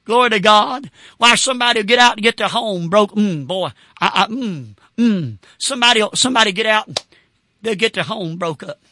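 A man preaching a sermon as a Baptist pastor, fervent, with shouting bursts and whoops. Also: sits high, normal speed, no echo, studio quality.

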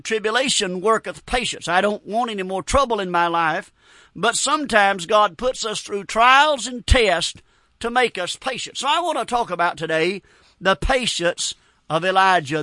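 A man's voice: high voice, pushed and bright, no room sound. A middle-aged man preaching a sermon in an earnest, folksy way, quoting old-fashioned scripture. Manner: earnest, folksy, quotes scripture in King James wording.

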